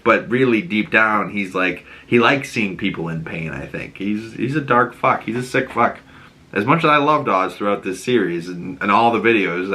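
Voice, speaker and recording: A man with a Boston accent giving a casual, animated episode recap, acting out the characters' lines. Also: lowish voice. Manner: animated, acts out characters' lines in raised voices. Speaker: TV show reviewer.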